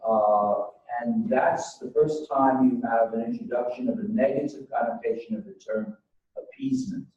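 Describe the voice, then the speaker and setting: Male lecturer, storytelling delivery, mellow tone, dull distant recording. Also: mid-range voice, big pitch swings, moderate pace, a little hiss or hum. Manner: storytelling, retells exchanges as dialogue. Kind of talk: university history lecture. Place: lecture hall. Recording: echoey lecture hall, mic far off, dull.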